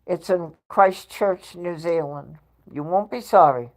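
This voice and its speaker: A woman's voice: fairly low pitch, a little slow. A woman hosting a casual home livestream, chatty and laughing often as she reads her chat aloud. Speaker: livestream host. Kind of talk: casual live-stream chat.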